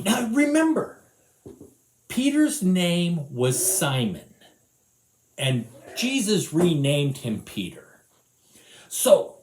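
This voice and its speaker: A man teaching a children's Bible lesson, retelling the story in an animated, conversational way. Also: a little high, slow pace, reverberant.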